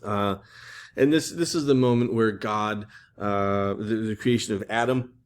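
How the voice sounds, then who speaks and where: A man's voice: on the low side, measured pace, clean tone. A man teaching an art history lecture in a casual, chatty way, with lots of fillers and restarts.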